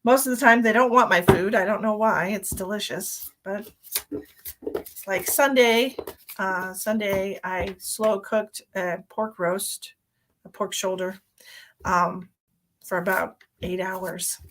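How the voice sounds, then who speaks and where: A woman's voice: mid-range voice, fairly even intonation, takes it slowly, background noise. A middle-aged woman hosting a live psychic reading stream, chatting casually with viewers and laughing often. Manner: chatty, laughs often, talks to her pets.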